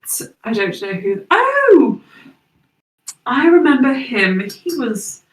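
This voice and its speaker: A woman's voice: on the high side, lively intonation, unhurried, slight background noise. Woman playing a doting fey grandmother. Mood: reassuring. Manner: gushing, calls everyone darling. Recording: roomy, distant mic.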